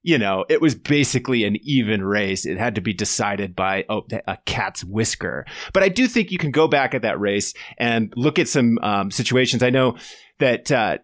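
A man's voice: mid-range voice, lively intonation, moderate pace, a bit bright, no echo, studio quality. A man hosting a casual sports podcast, talking in a playful, jokey way and putting questions to his guests. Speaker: podcast host. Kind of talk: casual cycling chat.

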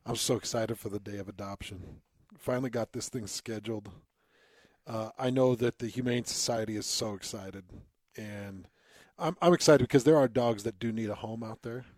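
A man's voice: fairly low pitch, normal speed, darkish tone, no room sound. A man co-hosting a casual talk show, chatty and enthusiastic, laughing often. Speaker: radio co-host. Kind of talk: casual chat.

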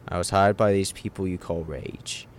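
A man's voice: low-pitched, fairly even intonation, moderate pace, lightly acted, low-quality recording. An actor playing a defensive landlord under interrogation, who blusters and stammers his denials. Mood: giving in. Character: defensive middle-aged male landlord suspect.

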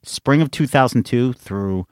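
A man's voice: mid-range voice, measured pace, smooth, no echo, clean studio sound. A man, a comedian, telling stories in casual chat, laughing often and acting out the people he talks about. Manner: animated storytelling, laughing and imitating people.

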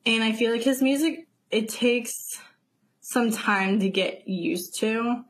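A woman's voice: a little high, slow pace. A young woman co-hosting a podcast, chatting casually and giving frank opinions. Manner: relaxed, candid, frank opinions. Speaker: podcast co-host. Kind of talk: casual chat.

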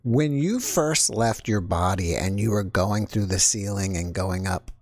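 A man hosting a podcast, asking calm, measured questions. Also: lowish voice, dry recording. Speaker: podcast host. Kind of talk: interview questions.

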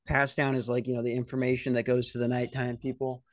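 A young man hosting a podcast, telling rambling, profane stories in a casual, animated way. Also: medium pitch, fast, dry recording, clean studio sound. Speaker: podcast host. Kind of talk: casual storytelling. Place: security office at night.

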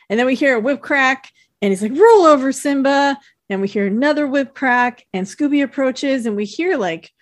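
A woman's voice: on the high side, no echo, clean studio sound. A woman co-hosting a podcast, casually recapping a cartoon episode and quoting characters in put-on voices. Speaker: podcast co-host.

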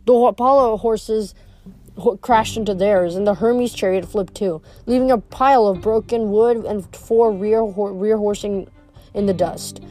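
A woman's voice: mid-range voice, a little mellow. A woman reading a novel aloud as an amateur audiobook, with frequent slips and restarts. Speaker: audiobook reader.

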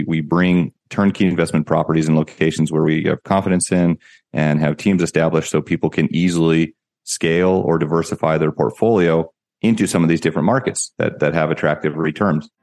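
Man, very low voice, interview guest, explanatory, conversational restarts. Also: steady tone, moderate pace, darkish tone. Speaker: guest, real estate company founder.

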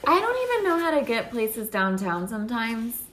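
A woman's voice: a little high, very animated, normal speed, fairly bright tone, echoey room. A woman co-hosting a podcast in casual chat, breaking in with questions. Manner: interjecting questions. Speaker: podcast co-host.

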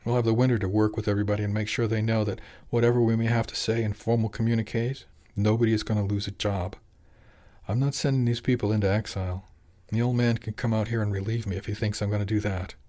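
A man's voice: on the low side, steady tone, fast, mellow, natural voice. A man voicing a jolly, determined middle-aged fishing boss who talks plainly and persuasively.

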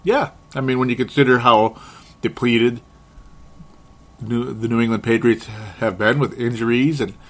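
A man hosting a sports talk show, talking in an excitable, sarcastic way and chuckling often. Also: medium pitch, measured pace, pauses often. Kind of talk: casual sports commentary monologue.

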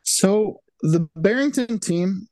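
A man's voice: sits high, lively intonation, slow pace, mellow, no room sound. Hesitant man reviewing a movie casually. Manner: hesitant, many fillers and restarts. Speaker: podcast co-host. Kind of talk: casual chat.

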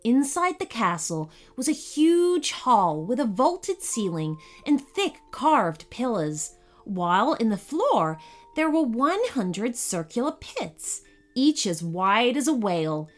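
A woman narrating a children's story in a slow, expressive, animated reading voice. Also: fairly high pitch. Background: faint music.

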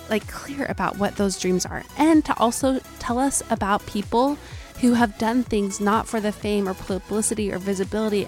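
A woman's voice: medium pitch, no room sound, studio quality. A woman hosting a motivational podcast, speaking in an earnest, encouraging and personal way. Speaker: podcast host.

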